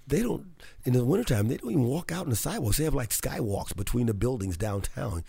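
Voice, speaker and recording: Chatty excitable radio host, warm-toned man. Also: mid-range voice, quick pace, gravelly, slightly rough, no echo. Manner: chatty, excitable, laughs often. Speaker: radio talk show host. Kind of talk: casual radio talk and monologue.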